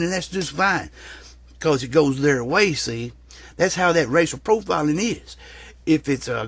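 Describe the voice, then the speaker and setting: A man's voice: fairly high pitch, slightly rough, dry recording. A man delivers a rambling, profane, folksy rant as a comic vlogger. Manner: rambling, profane, drawling storyteller.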